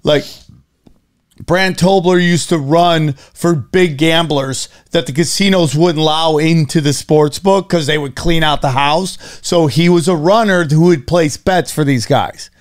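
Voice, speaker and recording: A man's voice: fairly high pitch, measured pace. A man in casual chat, asking rambling questions full of fillers.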